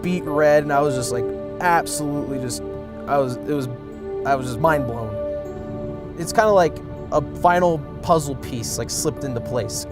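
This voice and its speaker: A man telling personal stories in a documentary interview, animated and acting out the voices of the people he quotes. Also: on the high side.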